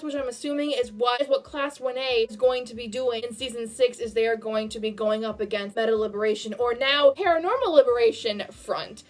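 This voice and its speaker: A young woman reviewing an anime in a casual vlog, talking in a gushing, emotional way that swings from hushed to excited. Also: high-pitched.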